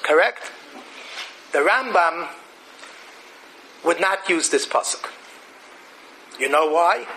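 A man giving an animated Torah lecture. He mixes Hebrew and Yiddish terms into his English and poses rhetorical questions before answering them himself. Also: high voice, slight background noise, rough recording.

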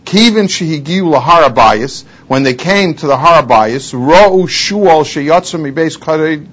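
A man's voice: on the high side, lively intonation, a little slow, fairly bright tone, husky. A man teaching a Talmud lecture, quoting Hebrew and Aramaic phrases and translating each, pressing harder on his rhetorical questions. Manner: rising intensity on rhetorical questions. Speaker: Torah teacher.

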